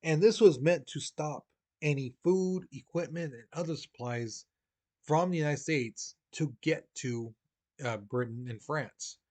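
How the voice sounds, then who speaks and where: A man's voice: a little high, a little slow, a little mellow. A male teacher giving a casual, conversational history lesson, acting out quoted voices as he explains.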